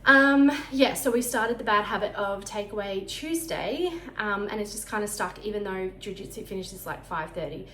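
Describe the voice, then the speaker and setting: Aussie mum vlogging at home, talks super fast and a bit breathless, echoey room with a little hiss. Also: female voice, medium pitch, a bit bright. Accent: Australian. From Australia. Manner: fast-talking, chatty, sounds out of breath. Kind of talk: casual chat.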